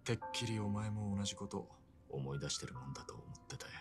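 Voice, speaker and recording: An actor playing a brash young yakuza who talks roughly and fast in a video game. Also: sits low, expressive, over music. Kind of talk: game voice acting.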